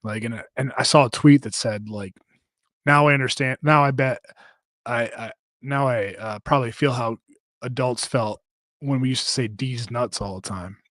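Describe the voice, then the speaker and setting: A man's voice: medium pitch, normal speed, fairly bright tone, dry recording. A man in his thirties talks loosely into a close, dry podcast microphone. He rambles, swears freely and stumbles over fillers and restarts while he reads out viewer comments. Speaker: podcast co-host. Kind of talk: casual live-stream chat reading comments.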